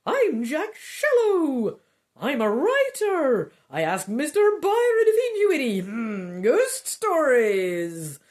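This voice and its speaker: A woman putting on a thin, mustachioed gentleman writer with a hammy ringmaster voice. He comes out high and loud, swooping all over the place in a gamebook reading. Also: huge pitch swings, slow, heavily acted. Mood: theatrical. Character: thin mustachioed man, theatrical ringmaster type.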